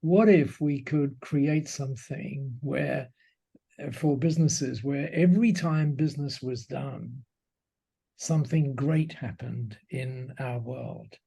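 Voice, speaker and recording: A man retelling the words of a soft-spoken young Japanese woman, speaking slowly and gently. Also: medium pitch, gravelly, breathy edge, exaggerated voice. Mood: gentle.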